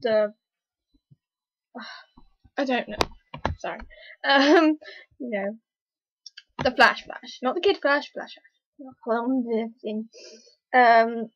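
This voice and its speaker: A woman talking casually in a review vlog, rambling and hesitant with lots of fillers, an excitable fan. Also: on the high side, slow pace, pauses often, no room sound. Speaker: TV episode reviewer. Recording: dull lo-fi, dry recording.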